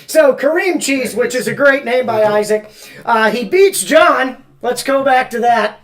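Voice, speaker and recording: A woman hosting a casual fantasy football podcast. She reads out weekly rankings in a playful, animated, teasing way. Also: fairly high pitch, unhurried.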